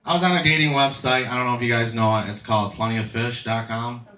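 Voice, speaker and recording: On a club stage before a laughing audience, a stand-up comedian in his thirties trades crude, self-deprecating jokes with the crowd. His mid-range voice holds a steady tone yet moves quickly, sounding bright and forceful. The mic catches him from a distance in an echoey room, with slight hiss or hum.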